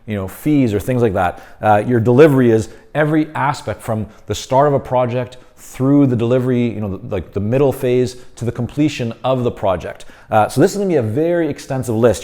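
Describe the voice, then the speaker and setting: Mellow-voiced man coaching consultants. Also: medium pitch, brisk, hardly any pauses. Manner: conversational, many fillers and restarts; explains while drawing on a board. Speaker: business consultant teaching. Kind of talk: instructional talk to camera.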